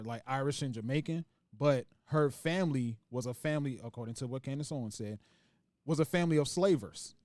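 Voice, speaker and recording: A man hosting a podcast in casual conversation. He rambles, backs up and restarts sentences as he thinks aloud. His voice sits in a middle pitch, and the sound is dry and close. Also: darkish tone, no room sound. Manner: reads out viewer comments. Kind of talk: casual discussion.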